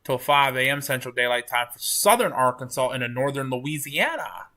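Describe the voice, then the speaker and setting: A man hosting a live storm-tracking stream from his couch at home, talking with viewers in a relaxed, rambling way. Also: medium pitch, normal speed. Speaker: livestream storm chaser host. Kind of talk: casual live-stream commentary.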